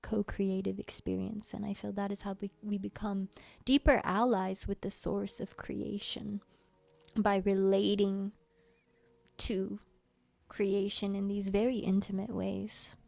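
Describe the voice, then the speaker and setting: Animated woman telling a casual story. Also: mid-range voice, measured pace, vocal fry, no echo. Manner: animated, playful, slips into quoted voices and humming. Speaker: workshop host.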